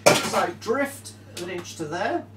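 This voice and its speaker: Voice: medium pitch, expressive, slow pace. A player chatting playfully and swearing while moving pieces in a tabletop wargame, humming little sound effects. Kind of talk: casual chat during a game. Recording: roomy distant mic with background noise.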